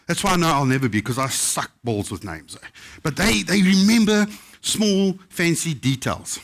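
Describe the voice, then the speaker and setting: A middle-aged man from South Africa, a chef telling lively, humorous stories to a live audience. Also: fairly high pitch, moderate pace. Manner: lively, humorous, mimics other people's voices in quotes. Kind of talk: live anecdotal storytelling to an audience.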